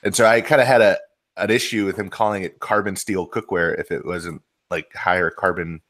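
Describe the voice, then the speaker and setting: A man co-hosting a casual podcast, chatty and relaxed, with frequent fillers. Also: low voice, brisk. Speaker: podcast co-host.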